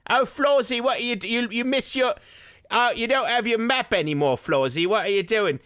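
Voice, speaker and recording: A man's voice: very high-pitched, moderate pace, fairly bright tone, no room sound, clean studio sound, voice pushed up. A man voicing a bumbling male robot vacuum in a put-on Cockney accent, teasing and sing-song.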